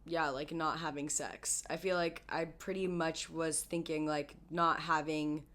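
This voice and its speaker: Raspy young woman chatting, slightly low. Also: steady tone, measured pace, a bit bright. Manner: chatty, rambling with restarts. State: getting sick. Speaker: podcast co-host. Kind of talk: casual chat.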